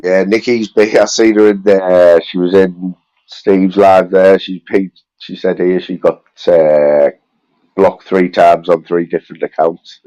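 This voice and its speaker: A man's voice: low voice, fairly even intonation, measured pace, warm tone, highs cut off. A man hosting a live stream, laid-back and slangy in casual chat.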